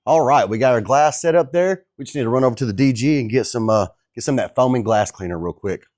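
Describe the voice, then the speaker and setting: Brief: easygoing man, mid-pitched, chatty DIY garage vlogger who jokes with his viewers. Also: animated, quick pace, a little mellow. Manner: joking, laid-back, talks to viewers as guys. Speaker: DIY truck builder. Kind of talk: casual how-to vlog.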